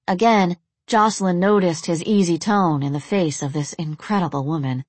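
Low-voiced woman narrating an audiobook. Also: normal speed, a little mellow, slightly rough, no room sound.

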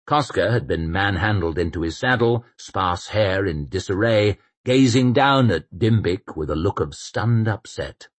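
A man reading fiction aloud as an audiobook narrator, measured and expressive. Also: sits low, dry recording. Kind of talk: scripted narration.

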